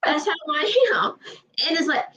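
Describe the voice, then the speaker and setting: A woman's voice: very high voice, expressive, sharp tone. A woman from Georgia with a Southern accent, talking emphatically in casual chat as host of a livestream. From Georgia, USA. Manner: fast, emphatic, repeats herself. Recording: distant, dull livestream audio.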